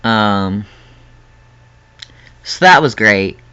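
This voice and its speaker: A young man talks straight to his viewers in an earnest, rambling personal vlog, breaking into laughs now and then. His voice is bright and sharp. The recording sounds dull and lo-fi. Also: fairly low pitch, expressive, very slow, clean tone. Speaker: vlogger.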